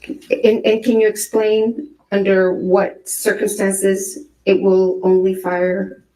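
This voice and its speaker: A woman's voice: medium pitch, flat delivery, slow pace, warm tone. Woman questioning a witness in court. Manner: probing, hesitant questions with fillers. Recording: roomy courtroom audio, distant mic.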